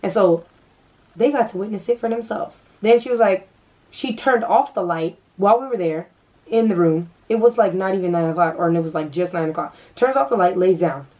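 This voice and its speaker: A woman's voice: lowish voice, a little fast, warm tone, recorded from a distance, rough recording. A young woman vlogger telling a story in casual chat, full of fillers and restarts.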